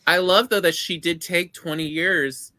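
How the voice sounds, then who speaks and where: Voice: mid-range voice, fairly even intonation, measured pace, bright, forceful tone, no room sound. A co-host in a casual panel chat who reads out viewer comments and teases the others.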